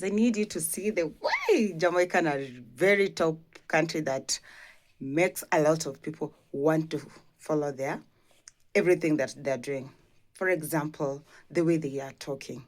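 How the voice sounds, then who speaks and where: Woman, low pitch, reaction host, enthusiastic commentary. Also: animated, normal speed.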